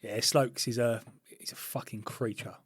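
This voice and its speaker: A man's voice: mid-range voice, steady tone, moderate pace, slightly rough, dry recording, clean studio sound. A man from England, co-hosting a podcast in laid-back banter. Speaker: podcast co-host. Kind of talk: casual chat.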